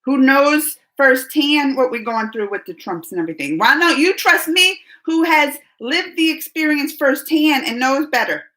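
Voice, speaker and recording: A woman in her forties hosting a live stream, talking to her chat in an animated way and repeating herself as she calls chatters by name. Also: sits high, moderate pace, hardly any pauses, low-quality recording. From United States. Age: 40s.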